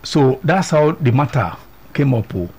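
A man's voice: sing-song, measured pace, gravelly, darkish tone, slightly rough. A man hosting a talk show, telling a story and acting out each character's lines in a raised voice. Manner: acts out every character in the story, jumping high in pitch. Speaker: radio show host.

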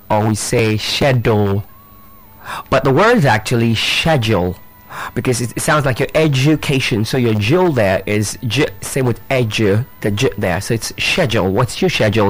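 A man leading a live pronunciation drill for teachers, spelling words out letter by letter and talking to the audience with lots of fillers and repeats. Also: on the low side. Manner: drawn-out, instructive, many fillers and repeats; addresses audience directly, rhetorical questions.

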